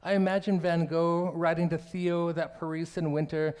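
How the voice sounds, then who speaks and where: A man preaching a sermon in a church, telling stories and parables with quoted dialogue and slowing down on key phrases. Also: on the high side, flat delivery, darkish tone, smooth. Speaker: minister. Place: church sanctuary.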